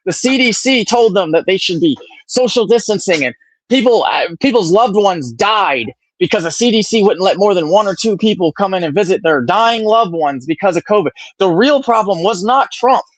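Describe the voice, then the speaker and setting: A young man arguing politics heatedly on a live stream, insistent and quick to repeat his points. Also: high voice, animated, dry recording, rough recording.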